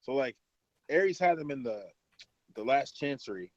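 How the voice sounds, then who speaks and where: Man of middle pitch, casual rambling co-host; muffled lo-fi, dry recording. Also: animated, normal speed, dry recording. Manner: rambling, filler-heavy recapping with laughs. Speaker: podcast co-host. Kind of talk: casual chat.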